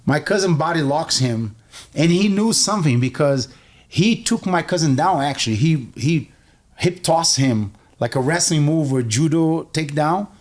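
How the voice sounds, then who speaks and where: Male coach, lively raised-pitch storyteller, loose casual podcast delivery. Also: normal speed. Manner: animated storyteller, acts out voices in quotes, many restarts. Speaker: jiu-jitsu coach and guest.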